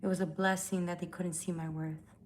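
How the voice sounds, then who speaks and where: A woman's voice: lowish voice, level tone, brisk, darkish tone, slight background noise. Blunt, foul-mouthed woman tarot host. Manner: blunt, profane, confrontational. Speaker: tarot reader hosting a live stream. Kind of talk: casual live-stream chat. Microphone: phone.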